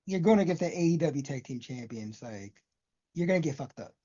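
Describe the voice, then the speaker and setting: Chill podcast cohost, mellow warm voice, short comments, lo-fi audio. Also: medium pitch, expressive, brisk. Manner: laid-back, laughs easily, short remarks. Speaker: podcast co-host. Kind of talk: casual wrestling chat.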